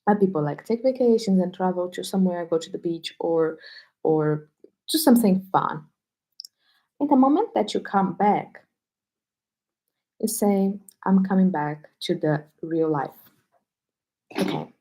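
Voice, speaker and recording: A woman teacher on a live stream, speaking low and hushed at home so she won't wake people sleeping nearby. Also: animated, a little slow, pauses often, low-quality recording.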